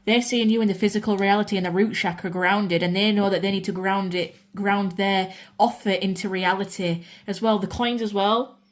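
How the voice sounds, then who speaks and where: Excitable woman giving a tarot reading. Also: mid-range voice, moderate pace. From United Kingdom. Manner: chatty and excitable, swears casually, addresses viewers as guys. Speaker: tarot reader. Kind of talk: pick-a-card tarot reading.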